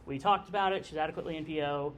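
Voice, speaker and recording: Talking very fast in a voice on the high side, this man teaches a class about airway anesthesia as a nurse anesthesia instructor. He keeps it conversational, often asking "okay?" to check in, with a bit of background noise present.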